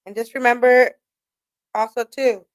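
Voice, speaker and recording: A woman's voice: a little high, a little slow, no room sound. A young woman hosting a radio show, casually telling a story with a lot of swearing and laughter. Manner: profane, laughing, animated retelling.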